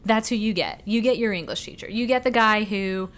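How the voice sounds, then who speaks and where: A woman's voice: mid-range voice, a little fast, fairly bright tone. A woman co-hosting a podcast, talking casually and animatedly about a film, swearing freely and laughing often. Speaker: podcast co-host. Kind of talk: casual movie discussion.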